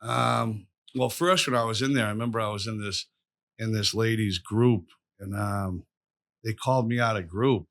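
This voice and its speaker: A middle-aged man talks in a low, forceful voice. He rambles through his stories bluntly and swears freely, looping back over his own words. It sounds like a relaxed podcast conversation. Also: moderate pace, gravelly, no room sound. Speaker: podcast guest. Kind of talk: casual storytelling conversation.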